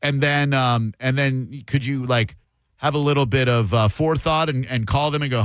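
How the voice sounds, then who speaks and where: A man's voice: mid-range voice, a little fast, smooth, no room sound. Joking male radio host, dry studio sound. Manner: joking, conversational, reads aloud from phone. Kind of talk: radio talk show chat. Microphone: studio microphone.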